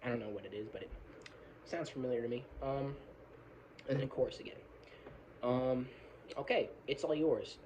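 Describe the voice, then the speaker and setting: A man's voice: medium pitch, moderate pace, long pauses, a little mellow, slight background noise, poor audio. Rambling apologetic man on a phone video. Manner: rambling, apologetic, swears casually, hums riffs and sings snatches of lyrics. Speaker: metal fan analysing song lyrics. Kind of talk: casual rambling video commentary. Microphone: phone camera.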